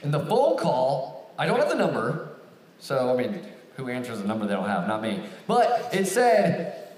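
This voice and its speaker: A young man giving a storytelling sermon to a live audience, acting out a phone call with animated raised voices. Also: mid-range voice, normal speed. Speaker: campus ministry speaker. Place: large hall with an audience. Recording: echoey hall, picked up from a distance.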